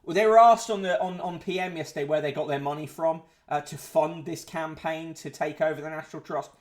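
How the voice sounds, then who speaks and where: A man's voice: fairly high pitch, fairly even intonation, fairly quick. A man hosting a casual livestream, reading out newspaper headlines and chat comments with sardonic asides, swearing and frequent fillers. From United Kingdom.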